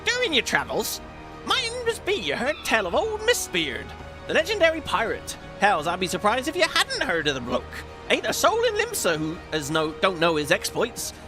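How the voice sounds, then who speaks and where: A man's voice: sits high, huge pitch swings, normal speed, voice pushed up. A man voicing a chatty old male sailor who tells an old-timey seafaring yarn, reading game dialogue aloud. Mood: spinning a yarn. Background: game music.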